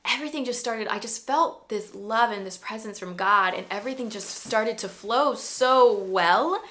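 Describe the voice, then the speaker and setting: A woman's voice: on the high side, normal speed, sharp tone. A woman in her thirties telling her personal faith story to her own camera in a casual, earnest and emotional way, rambling and restarting as she goes. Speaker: vlogger sharing a faith testimony. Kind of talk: casual spoken testimony. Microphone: self-filmed camera.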